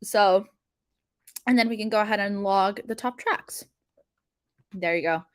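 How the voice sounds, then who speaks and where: A woman's voice: mid-range voice, measured pace, clear, resonant tone, dry recording, studio quality. A young adult woman hosting a casual coding livestream, chatty, with lots of fillers and frequent laughs.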